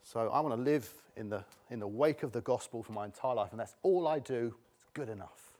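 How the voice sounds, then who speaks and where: A man's voice: medium pitch, fairly quick, a little mellow. Emphatic middle-aged male preacher. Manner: emphatic, repeats key words for stress. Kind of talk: sermon.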